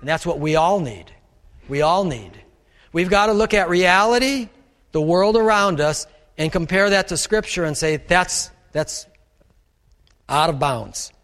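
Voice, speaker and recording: A pastor preaching a sermon, animated, acting out the voices of the people he quotes. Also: sits high, unhurried. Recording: long reverb of a large hall.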